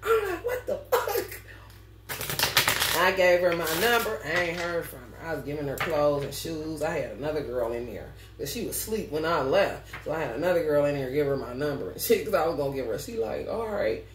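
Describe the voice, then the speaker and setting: A woman reading tarot for her viewers, talking in a loose, profane, storytelling way and breaking into laughter again and again. Her pitch swings widely from line to line. She sits back from the mic in a roomy space with a faint hum behind her. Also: fast, few pauses. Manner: animated, laughs often, heavy swearing. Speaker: tarot reader. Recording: roomy echo, mic at a distance, faint background noise.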